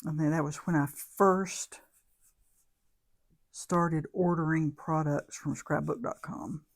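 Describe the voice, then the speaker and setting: Unhurried woman crafter, low pitch, thinks out loud and corrects herself mid-sentence. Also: fairly even intonation, creaky. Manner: rambling, thinks aloud, self-correcting. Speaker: craft vlogger. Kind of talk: casual crafting demo chat.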